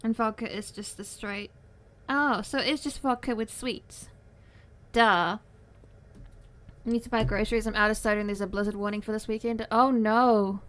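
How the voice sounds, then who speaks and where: A young woman livestreamer chatting casually with her viewers from her desk at home, playful and giggly, with cutesy baby-talk phrasing. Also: a little high. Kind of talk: casual chat with stream viewers.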